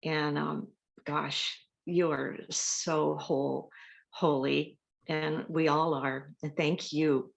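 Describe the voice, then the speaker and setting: A woman's voice: low voice, level tone, slow pace, gravelly. A woman sharing in a spiritual group, nervous and effusive, searching for words. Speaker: community member sharing.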